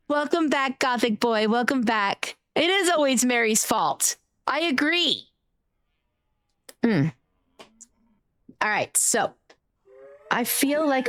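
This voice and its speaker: A young woman streaming a game, chatting in a bubbly, excitable, giggly way. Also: high-pitched, slow pace, pauses often, no echo. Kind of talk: casual live-stream chat.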